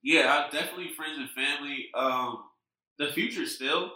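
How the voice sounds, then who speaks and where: A man co-hosting a podcast, chatting casually and telling stories with lively voiced quotes. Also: a little high, normal speed, echoey room, rough recording. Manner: animated storytelling with voiced quotes. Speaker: podcast co-host. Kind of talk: casual chat.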